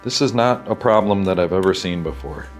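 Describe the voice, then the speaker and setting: A man's voice: low voice, expressive, fairly quick, faint music behind. A man with a stuffy nose telling a rambling, candid story in casual vlog style while working on a bike in his repair shop. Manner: rambling, candid, profane asides. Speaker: bike shop owner and vlogger. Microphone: wireless clip-on mic.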